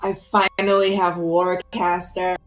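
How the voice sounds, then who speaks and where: A woman chatting as a player at a tabletop game, quick to react and helpful. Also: fairly low pitch, flat delivery, soft background music. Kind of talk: casual chat at a tabletop game.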